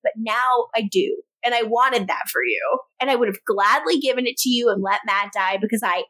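A woman's voice: fairly high pitch, animated, fairly quick, bright, forceful tone, poor audio. A woman co-hosting a podcast, recapping a TV episode in casual chat and acting out characters' lines with frequent laughter. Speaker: podcast co-host.

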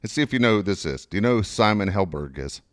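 A man's voice: on the low side, lively intonation, fast talker, no room sound, clean studio sound. A middle-aged man co-hosting a casual talk show, swearing freely and laughing as he tells stories. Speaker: co-host. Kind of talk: casual chat.

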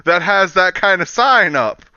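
A man chatting casually as a co-host, making quick joking asides. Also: high voice, lively intonation, pushed and bright, clear, resonant tone, no echo, highs cut off. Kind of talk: casual chat.

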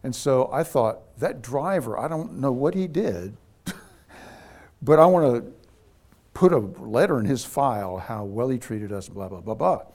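A middle-aged man recounting a family story with lively, conversational energy. His voice sits at an ordinary middle pitch. He slips into the voices of the people he quotes as he tells it. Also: unhurried. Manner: animated anecdote teller, voices quoted people. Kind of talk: casual storytelling.

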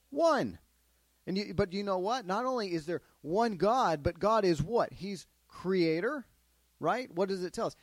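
A man leads children through a Bible lesson, pausing again and again to put questions to them. His voice sits fairly high and he tells the story with lively swings. The sound is dry and close. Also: dry recording. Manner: asks the kids questions, animated storytelling. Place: classroom with children.

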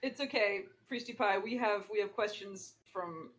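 A woman's voice: mid-range voice, low-quality recording. A woman co-hosting a casual podcast, teasing her guests and swearing freely. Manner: teasing, swears, quick to laugh along. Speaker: podcast co-host. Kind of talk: casual chat.

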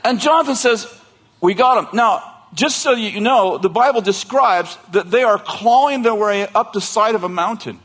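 A man's voice: high-pitched, normal speed. A man preaching a sermon, retelling a story in a casual, joking way, laughing often and breaking into asides and restarts. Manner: animated, joking, laughs often between lines. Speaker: pastor.

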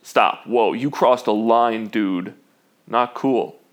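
A man's voice: mid-range voice, takes it slowly, natural voice. A man playing an indignant, offended audience member.

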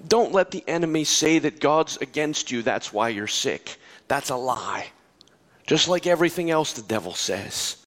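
A middle-aged pastor preaching a sermon, moving from quiet storytelling to impassioned, soaring appeals and then to soft, hushed reassurance. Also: male voice, a little high, animated, moderate pace.

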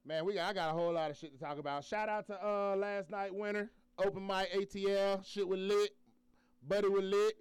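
A man hosting a podcast, opening with loud, hyped, profane banter. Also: high-pitched, fairly even intonation, fairly quick, clear, resonant tone, dry recording. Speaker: podcast host. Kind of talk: casual podcast intro.

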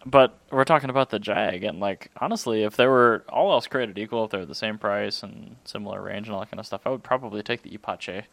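A man co-hosting a casual car podcast, dry and teasing, firing off quick quips. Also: fairly low pitch, vocal fry, fairly bright tone, no room sound. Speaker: podcast co-host.

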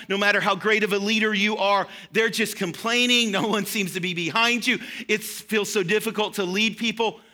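A man's voice: high voice, sharp tone. A young adult man preaching an earnest, encouraging sermon to his congregation. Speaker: pastor.

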